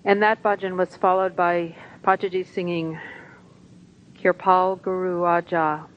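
A woman's voice: on the low side, flat delivery, measured pace. Woman reading devotional text, lo-fi. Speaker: satsang reader. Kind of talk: reading translated talk and hymn text aloud. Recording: dull, lo-fi recording with faint hiss.

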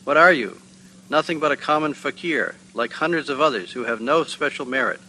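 A man's voice: mid-range voice, moderate pace, pushed and bright, slight background noise, lightly acted, rough recording. A man voicing a rude, scornful male seeker who accuses a holy man of being a fraud, in a read-aloud spiritual tale. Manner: indignant, accusing.

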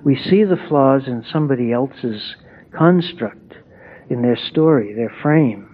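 Slow, reflective man on a tinny line. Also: medium pitch, expressive. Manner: reflective, thoughtful, with pauses. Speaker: satsang speaker. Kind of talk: spiritual talk with reading. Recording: tinny phone-like sound.

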